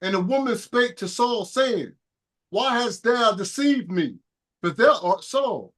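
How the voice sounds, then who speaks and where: A man reading archaic scripture aloud in a steady, plain manner during a Bible study. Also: sits high, slow pace. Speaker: scripture reader.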